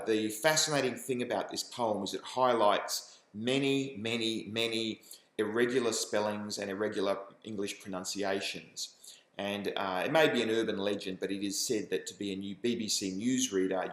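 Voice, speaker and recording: A man with a lowish voice talks through a first home video, full of ums and uhs, then reads verse carefully, stressing each word. His voice rings around an echoey room. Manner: hesitant, with many fillers in the intro, deliberate word-by-word reading after. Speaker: channel host. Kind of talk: casual intro then poetry reading.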